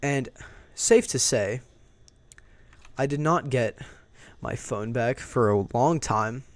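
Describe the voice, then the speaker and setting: A man's voice: mid-range voice, slow, no room sound. A young man with a rambling, blunt, heavily swearing delivery, casually telling a personal story.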